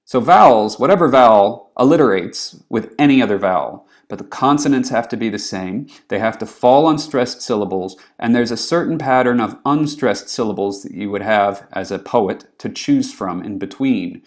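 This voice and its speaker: Male lecturer, lowish voice, loose chatty classroom delivery. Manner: relaxed, frequent ums, reads Old English verse slowly. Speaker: literature lecturer.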